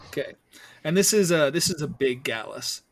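A man narrating as game master in a calm, questioning way, with frequent fillers. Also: fairly high pitch, moderate pace, gravelly.

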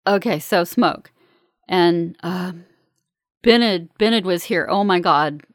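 A woman's voice: medium pitch, normal speed, dry recording, clean studio sound, lightly acted. A woman voicing an injured, dazed man trapped in smoke, who speaks weakly and falters between coughs. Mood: shaken.

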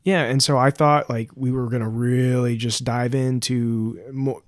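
A man co-hosting a podcast in casual chat, talking in a relaxed, hesitant way with many fillers. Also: mid-range voice, unhurried, dry recording, clean studio sound. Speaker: podcast co-host.

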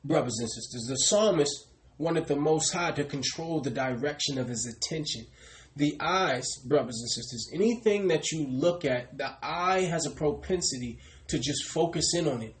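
A man's voice: on the high side, normal speed, low-quality recording. A man preaching a sermon, repeatedly addressing his listeners as brothers and sisters and calling on a reader to repeat verses.

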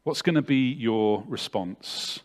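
A man preaching a sermon, retelling a story dramatically and swinging from loud to hushed. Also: medium pitch, expressive, slow.

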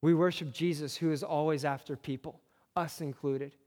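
A man's voice: a little high, steady tone, moderate pace, a little mellow. A man preaching a sermon as a pastor, earnest, with repeated phrases that build on each other. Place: church sanctuary. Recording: long reverb of a church hall.

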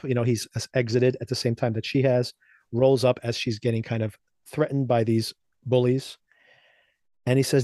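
A man's voice: medium pitch, little pitch movement, moderate pace, dark tone, dry recording. A man co-hosting a podcast, casually recapping and reviewing TV episodes with loose, chatty phrasing. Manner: loose, chatty recapping with frequent laughs and fillers. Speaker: podcast co-host.

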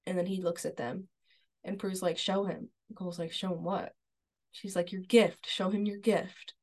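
A woman's voice: lowish voice, steady tone, moderate pace, a little mellow. A woman co-hosting a podcast, chatting casually and retelling scenes from an episode step by step. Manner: agreeable, many fillers like "like" and "yeah". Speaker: podcast co-host. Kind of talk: casual chat, recapping a TV episode.

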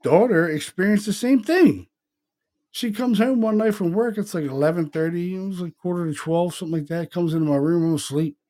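A middle-aged man with a slightly high voice tells a story to his co-host on a podcast. He rambles through a ghost story in casual, profane chat and quotes everyone's lines as he goes. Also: brisk, dark tone.

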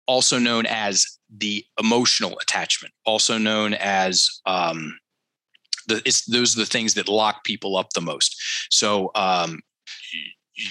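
A man's voice: lowish voice, a little slow, pushed and bright, no echo, rough recording. A man coaching on a headset mic, telling a client story in casual talk, acting out the quotes and often repeating himself.

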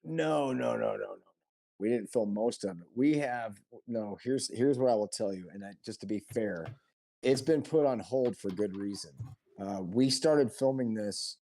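A man being interviewed as a guest, talking about his film project in an earnest, halting way with frequent restarts. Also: fairly low pitch, creaky, warm tone. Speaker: guest filmmaker and performer. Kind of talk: casual conversational interview.

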